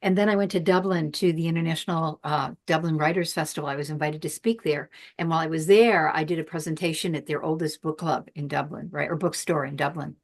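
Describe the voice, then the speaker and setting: A woman's voice: low-pitched, steady tone, quick pace, few pauses. A woman hosting a casual video-call podcast, telling anecdotes and laughing at her own stories. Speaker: host and author.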